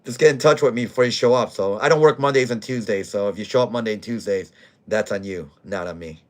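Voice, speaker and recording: A man's voice: lowish voice, fast talker. A man who manages a bar, telling a rowdy story in blunt, profane casual talk. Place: bar in Scranton, Pennsylvania.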